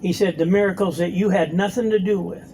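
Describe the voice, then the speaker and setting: A man's voice: sits high, steady tone, brisk, mellow, slight background noise, poor audio. A middle-aged man telling his recovery story at a meeting, blunt and profane, acting out both sides of the conversations he recalls. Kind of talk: personal story talk. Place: meeting room.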